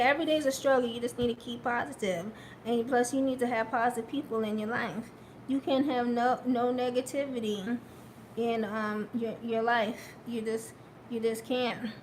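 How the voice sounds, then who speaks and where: A woman chatting casually on a live stream, slow and hesitant with many fillers, upbeat and encouraging. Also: a little high, a little hiss or hum.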